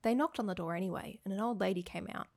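A woman co-hosting a podcast, reading her own old story aloud in a flat storybook cadence. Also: medium pitch, fast, dry recording. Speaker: podcast co-host.

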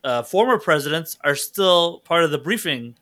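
A man's voice: on the high side, expressive, normal speed, fairly bright tone. A man hosting a casual podcast chat, joking and laughing at his own puns. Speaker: podcast host.

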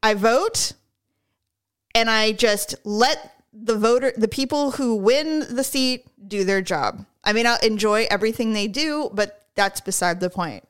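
A woman hosting a podcast in casual chat, ranting in a sarcastic, animated way from a studio mic. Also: a little high, measured pace, smooth. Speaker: podcast host.

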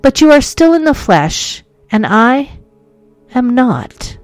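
A woman voicing the ghost of a sad, frightened young man, speaking quietly and mournfully. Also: high voice, big pitch swings, slow pace, no room sound, faint music behind, voice pushed up, exaggerated voice. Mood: sad, hollow.

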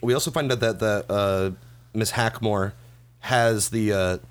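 A man's voice: on the low side, steady tone, a little slow, smooth. A young man in casual podcast chat, rambling with lots of fillers, laughing and swearing as he retells a plot.

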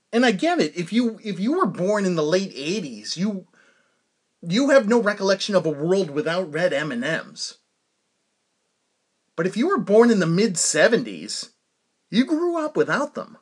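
This podcast host is a man in his forties with a high, slightly rough voice. He rambles through animated stories in a casual monologue, full of fillers and laughter.

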